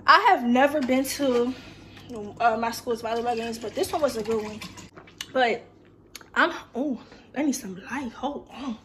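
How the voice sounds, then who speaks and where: Teenage girl, hoarse worn voice, slightly high pitch, breathless, chatty vlog, background noise. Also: a little slow, fairly bright tone. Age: late teens. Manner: chatty, talks straight to viewers. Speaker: vlogger. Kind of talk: casual vlog chat.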